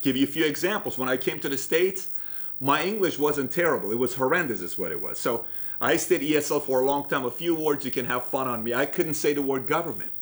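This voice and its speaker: A man's voice: mid-range voice, animated, brisk. A man from Iran with an Iranian accent, hosting a motivational talk and telling stories directly to the viewer with pointed questions. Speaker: host.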